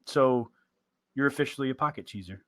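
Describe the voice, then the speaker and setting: A man's voice: mid-range voice, brisk, no echo, clean studio sound. A man co-hosting a casual podcast, telling a story and laughing often as he talks, into a headset mic. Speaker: podcast co-host. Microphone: headset mic with big headphones.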